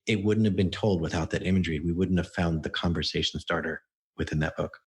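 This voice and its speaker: Deep-voiced man telling coaching stories. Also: fairly even intonation, fast talker. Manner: explains with stories and acted-out quotes. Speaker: book coach guest. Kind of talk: podcast interview.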